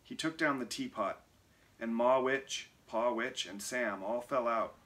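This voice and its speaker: Bright-voiced man reading a storybook aloud. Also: medium pitch, unhurried. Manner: expressive, lively. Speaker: reader. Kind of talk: reading a picture book aloud.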